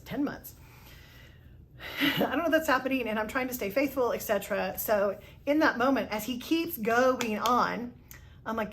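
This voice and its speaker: A woman's voice: fairly high pitch, slight background noise. Woman storyteller, casual storytime narration, chatty and self-deprecating, frequent laughs. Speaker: storyteller host.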